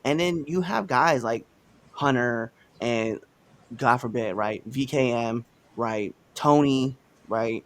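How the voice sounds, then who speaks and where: A man hosting a live podcast, ranting in a casual, animated way with slangy asides. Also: medium pitch, slow. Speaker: podcast host.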